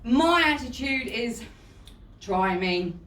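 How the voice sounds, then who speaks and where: Lively, chatty woman. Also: a little high, slow. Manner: chatty, laughing often, says "you know" a lot. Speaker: speaker giving a talk. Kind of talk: personal story told to an audience. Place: event hall. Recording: roomy hall, voice from far off.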